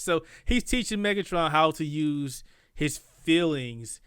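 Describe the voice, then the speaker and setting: Male podcast co-host, higher voice, dry recording, lively plot recap. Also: takes it slowly, clear, resonant tone, dry recording. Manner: animated retelling, acting out characters' lines. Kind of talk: casual spoiler podcast chat.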